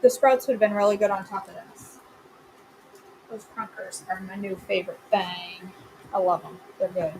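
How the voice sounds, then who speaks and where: A woman's voice: mid-range voice, steady tone, normal speed, noisy background. A woman hosting a live cooking stream from her home kitchen, chatting casually and answering viewers by name with playful, self-mocking humor.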